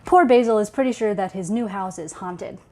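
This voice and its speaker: A woman's voice: medium pitch, brisk, darkish tone. Woman, webcomic marketer; casual, playful comic read-aloud. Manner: chatty, playful retelling.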